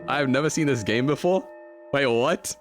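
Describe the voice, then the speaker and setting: A man's voice: medium pitch, normal speed, soft background music. A man streaming a video game, chatty and playful, laughing often as he talks to his chat. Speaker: livestreamer.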